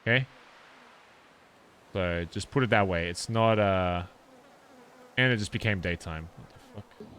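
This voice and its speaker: Closing out a roleplay game stream, a man talks to his audience in a fairly low, fairly bright voice at a measured pace, pausing often, with some hiss or hum in the background. He's chatty, speaks straight to viewers, and frequently checks in with "okay?"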